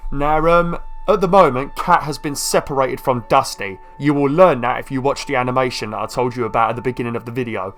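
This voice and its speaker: A man chatting quickly and self-deprecatingly while commenting on his gameplay. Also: medium pitch, fairly bright tone. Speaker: gameplay video creator. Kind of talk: let's play commentary.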